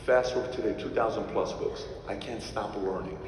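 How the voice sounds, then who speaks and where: Male storyteller, emphatic, loud bursts and quiet asides, heard from afar in a reverberant hall. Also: fairly low pitch, steady tone, normal speed, slight background noise. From Iran. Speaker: speaker telling a personal story. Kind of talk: animated storytelling to a live audience. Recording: echoey hall from far off.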